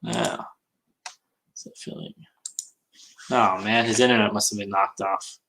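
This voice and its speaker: A man's voice: lowish voice, fairly even intonation, unhurried, gravelly, pushed and bright, low-quality recording. A man on a casual livestream hangout, chatting and reading comments while he works, often muttering to himself.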